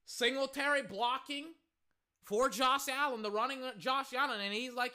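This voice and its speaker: An excitable fan commentator calling live football play-by-play, bursting out loudly on big plays and talking straight to listeners. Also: sits high. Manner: excitable, loud bursts, rapid asides to listeners.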